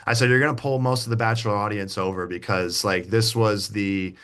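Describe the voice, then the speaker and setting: Low-voiced man rambling through a story. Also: fairly even intonation, fairly quick, fairly bright tone, smooth. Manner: rambling, many restarts and fillers. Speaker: guest. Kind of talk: casual interview chat.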